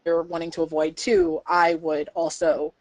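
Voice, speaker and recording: A young woman co-hosting a casual podcast, talking excitedly and chattily with plenty of fillers. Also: sits low, normal speed. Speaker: podcast co-host.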